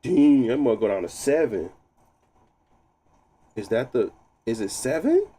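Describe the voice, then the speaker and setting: A man streaming live, chatting casually while tinkering with settings, thinking out loud and laughing often. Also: medium pitch, big pitch swings, unhurried, breathy edge. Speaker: gaming streamer.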